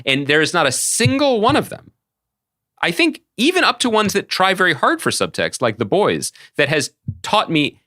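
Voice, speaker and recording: A man co-hosting a podcast, riffing in casual chat with an animated, sarcastic and profane manner. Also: high-pitched, normal speed, no room sound, studio quality. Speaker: podcast co-host.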